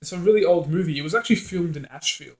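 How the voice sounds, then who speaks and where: A man's voice: a little high, fast. A man with an Australian accent in casual chat, laughing often and swearing freely. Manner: laughs often, animated and profane. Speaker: co-host. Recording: roomy echo.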